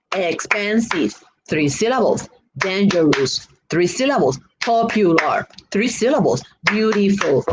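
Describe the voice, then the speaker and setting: A woman with a Spanish-influenced accent teaches English grammar at an unhurried pace, repeating each example word. Her pitch rises and falls animatedly as she explains. A faint hiss of noise sits under the recording. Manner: slow, repeats and drills example words. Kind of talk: classroom grammar lesson.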